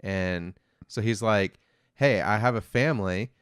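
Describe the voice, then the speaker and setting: A man's voice: fairly low pitch, unhurried, clean tone, no echo, studio quality. A man co-hosting a review podcast, casually retelling an episode's plot in a rambling way with lots of fillers. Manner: rambling, many fillers, quotes characters flatly.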